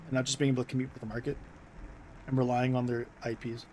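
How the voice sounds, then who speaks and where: A man's voice: medium pitch, little pitch movement, fast talker, a little mellow, a little hiss or hum, rough recording. A young American man streaming and chatting casually, rambling with many fillers and restarts. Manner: rambling, filler-heavy, self-interrupting.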